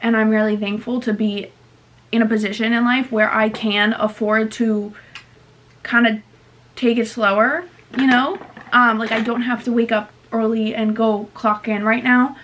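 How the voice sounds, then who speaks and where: A woman in her twenties vlogging casually to camera, rambling and chatty with lots of fillers, sounding low on energy. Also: fairly even intonation, normal speed, a bit bright, slight background noise. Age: 20s. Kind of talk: casual vlog chat to camera.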